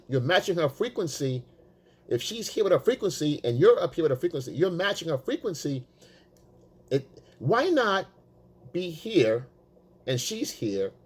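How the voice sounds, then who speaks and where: A man's voice: on the high side, breathy edge. A man talking as a dating coach, casual and profane, repeating himself for emphasis. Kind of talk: casual coaching talk to the camera.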